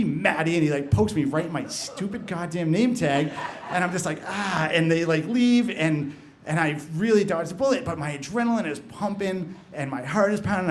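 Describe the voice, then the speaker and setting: A man with a somewhat raised pitch tells a personal story live before an audience. His delivery is loose and conversational, sprinkled with fillers and self-corrections. A faint hum of noise sits under the voice. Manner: conversational, frequent "like" fillers and restarts. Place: live story slam event.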